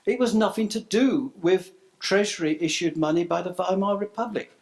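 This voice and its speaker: Brief: middle-aged man, conference speaker, fairly high voice, reads his points then riffs off script. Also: normal speed. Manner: reads a list of proposals, then ad-libs with stumbles and asides. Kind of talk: prepared speech to a live audience. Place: conference room.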